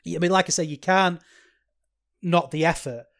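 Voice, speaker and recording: A man's voice: a little high, normal speed, a bit bright. A man hosting a podcast, talking through a wrestling review in a rambling, chatty, self-deprecating way. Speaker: podcast host. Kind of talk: solo podcast commentary.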